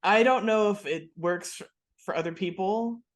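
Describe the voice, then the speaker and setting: A woman's voice: mid-range voice, moderate pace. A woman co-hosting a podcast, chatting casually and swearing freely as she recaps a TV episode. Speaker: podcast co-host.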